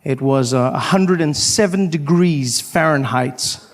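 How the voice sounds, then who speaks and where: A man in his thirties from Africa, performing a stand-up set and jumping into high put-on voices for his bits. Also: a little slow, background noise. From South Africa. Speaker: stand-up comedian. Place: live comedy venue.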